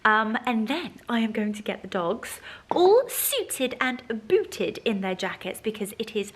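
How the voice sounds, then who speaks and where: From her home kitchen, a lifestyle vlogger chats to camera, bubbly and gushing, slipping into sing-song baby talk with her dogs. Her fairly high voice is very animated and a bit slow, and the sound is roomy.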